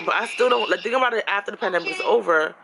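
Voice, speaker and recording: A woman ranting about her apartment in a casual vlog, frustrated and animated, her pitch jumping high when she's exasperated. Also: very fast, gravelly. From New York. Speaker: vlogger. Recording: background noise.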